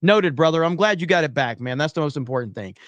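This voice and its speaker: Livestream host, male, blunt and profane, raised pitch, dry close sound. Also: expressive, no room sound, dull audio. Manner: profane, blunt, fast bursts of ranting. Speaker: livestream host reading chat. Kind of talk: ranting livestream chat.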